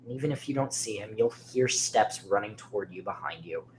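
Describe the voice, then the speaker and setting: A man's voice: lowish voice, lively intonation, brisk. Man, horror story narration, dramatic, often near a whisper, faint background hiss.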